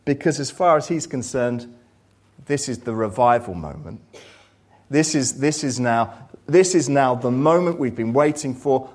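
A man preaching a sermon, reading scripture and retelling it dramatically, swinging from loud excitement to hushed, low passages. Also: measured pace.

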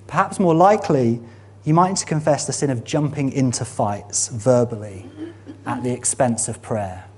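A man preaching a sermon, earnest and emphatic, building to animated exhortation. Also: mid-range voice, husky.

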